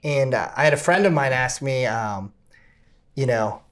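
A podcast co-host telling a lively personal story, laughing often and acting out the people in it. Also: male voice, mid-range voice, normal speed. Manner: laughs often, acts out quoted voices. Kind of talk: animated storytelling.

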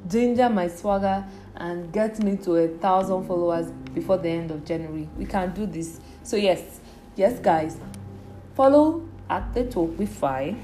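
Playful Nigerian woman podcasting in an echoey room. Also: lowish voice. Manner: playful, chatty, jumps between loud bursts and quiet asides. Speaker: podcast host. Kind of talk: casual solo podcast chat.

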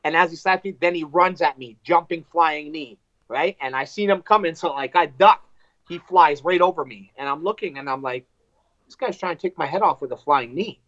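A man, a fighter, telling a fight story in casual chat, animated and profane, acting out what people said. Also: a little high, normal speed, no echo, dull audio. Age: adult with wife and two kids. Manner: animated, profane, acts out quotes.

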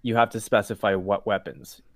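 A man's voice: fairly low pitch, fairly even intonation, normal speed, no room sound, clean studio sound. A man in casual chat, laying out a scenario in a laid-back way with short agreements and offhand swearing.

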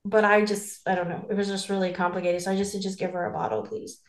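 Woman, casual podcast chat, rambling, many "like" fillers, mid pitch, echoey room. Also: level tone, quick pace. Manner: rambling, fills with "like", acts out quoted dialogue. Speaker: podcast co-host telling her birth story.

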